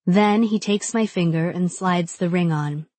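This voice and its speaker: A woman's voice: lowish voice, measured pace, mellow, dry recording. A young adult woman giving intimate, reflective first-person audiobook narration.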